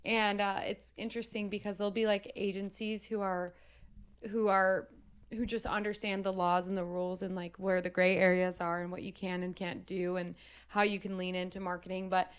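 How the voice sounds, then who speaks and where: A woman hosts a podcast in a relaxed, casual way. Her voice is smooth and clear at a middle pitch. She often pauses with small fillers as she gathers her thoughts. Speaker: podcast host. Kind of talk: casual chat.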